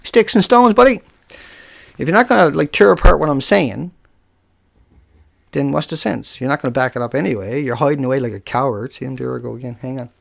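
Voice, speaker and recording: Gravelly man ranting on a live stream. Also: mid-range voice, fast, dry recording. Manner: combative, taunting and scornful toward a commenter. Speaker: live streamer answering chat. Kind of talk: unscripted live stream rant.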